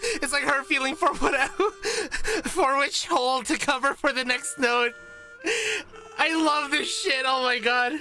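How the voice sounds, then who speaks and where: A woman's voice: high-pitched, measured pace, sharp tone, soft background music. A young adult woman streaming as a VTuber, reacting casually and giggling often, with plenty of swearing.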